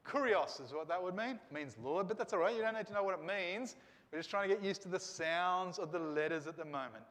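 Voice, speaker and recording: High-pitched male teacher, encouraging and question-led, reverberant hall sound. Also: fairly bright tone. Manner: encouraging, asks questions and coaxes students. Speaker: Greek teacher. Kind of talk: classroom teaching.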